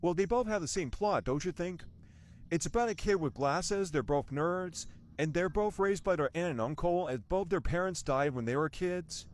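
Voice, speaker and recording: A young man from the United States rambles through a casual movie review. He often restarts his sentences and tosses in rhetorical questions. His voice sits a little high and moves around a lot. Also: animated, normal speed.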